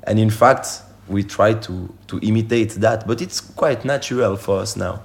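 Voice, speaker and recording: French musician guest, animated, casual interview, accented English. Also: male voice, fairly low pitch, normal speed, vocal fry. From France. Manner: animated, breaks into sung and shouted examples. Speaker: Cajun band musician. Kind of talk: casual interview talk in a second language.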